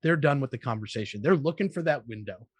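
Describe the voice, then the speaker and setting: A man speaking as a sales trainer guest on a podcast interview, energetic and giving advice, acting out sample cold-call openers as he goes. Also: mid-range voice, fast talker, husky, no room sound.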